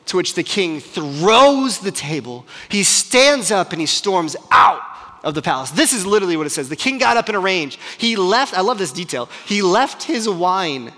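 Animated high-voiced preacher man. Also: moderate pace, in a large hall. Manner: animated, dramatic, conversational. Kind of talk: sermon storytelling.

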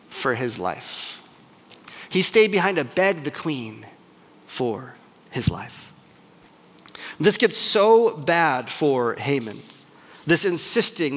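A man preaching a sermon and retelling a story in an animated, dramatic, conversational way. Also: sits high, big-room sound.

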